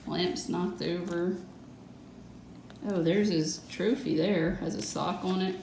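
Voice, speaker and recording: A woman reading a picture book aloud to children, gently pointing out the pictures. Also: fairly low pitch, takes it slowly, gravelly, a little hiss or hum. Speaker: reader. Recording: echoey room.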